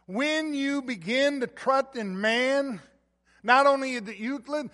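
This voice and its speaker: A man with a strikingly high voice preaches a sermon, repeating his key phrases and pushing his volume up on each point he wants to land. His words ring out with a long reverb tail, as if in a large church hall. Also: a little slow. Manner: emphatic, repeats key phrases, swells louder on stressed points.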